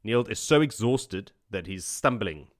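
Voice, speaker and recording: A man's voice: on the low side, lively intonation, measured pace, no room sound, studio quality. A man hosting a podcast, recapping a book chapter by chapter in a casual, joking way with frequent laughs. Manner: joking, chatty, laughs often. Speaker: podcast host.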